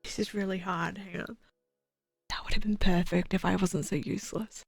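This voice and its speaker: A woman's voice: medium pitch, moderate pace, vocal fry, breathy edge, dry recording, soft background music. A young woman streaming a video game, chatting casually and animatedly with her viewers. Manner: chatty, animated, swears and laughs often. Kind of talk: casual live-stream commentary.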